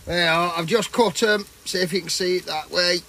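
A man's voice: high voice, steady tone, moderate pace, gravelly, noisy background. A man chatting casually and matily while cooking outdoors at a campsite. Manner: chatty, matey, rambling. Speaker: vlogger.

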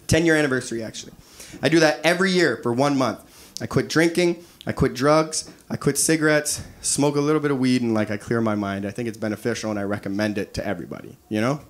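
A man in his thirties doing a stand-up comedy set, animated, acting out quoted voices and laughing at his own jokes. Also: medium pitch, fast. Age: 30s. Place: live comedy venue with audience. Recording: live stage recording with audience noise.

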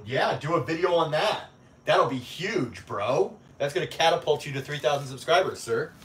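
A young adult man reads his viewers' comments on a casual livestream, teasing them with profane jokes and laughing often. His mid-range voice is a bit bright and sits far from the mic, with roomy echo and a faint background hum.

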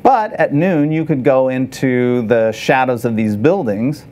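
A man teaching photography to a live audience, conversational and animated, often asking the room questions. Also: mid-range voice, unhurried, a little hiss or hum. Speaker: photography instructor. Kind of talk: live workshop lecture.

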